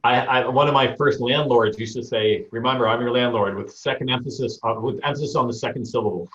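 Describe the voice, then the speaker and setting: A man's voice: medium pitch, brisk, fairly bright tone. Man, panelist, thoughtful, echoey room, muffled video-call sound. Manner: thoughtful, builds on others' points.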